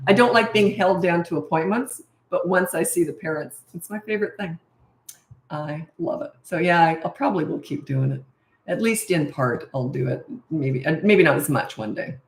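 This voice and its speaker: A woman's voice: lowish voice, lively intonation, normal speed. Blunt, emphatic woman in her sixties. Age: 60s. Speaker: parenting coach. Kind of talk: answering viewer questions. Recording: echoey room.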